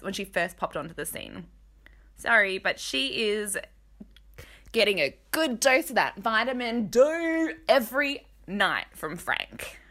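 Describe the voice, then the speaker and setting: A woman hosting a casual gossip commentary, candid and joking, with quick asides. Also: fairly high pitch, bright, forceful tone. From Australia. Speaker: podcast host.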